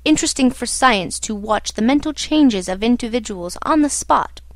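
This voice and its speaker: A woman's voice: fairly high pitch, animated, normal speed, no room sound, close to an everyday voice. A woman reading the part of an old, eccentric foreign male doctor in an audiobook, speaking in a matter-of-fact, imperturbable way. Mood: calm, detached.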